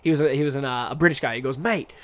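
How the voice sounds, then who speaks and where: A man's voice: mid-range voice, steady tone, racing, a bit bright. A young man streamer and English teacher talking casually to camera, rambling and restarting his sentences with lots of fillers. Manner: rambling, self-interrupting, many fillers.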